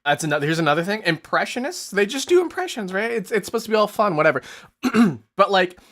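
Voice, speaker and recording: A man hosting a casual live stream, animated and exasperated, who swears often and keeps laughing mid-sentence. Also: high-pitched, fast. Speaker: streamer host.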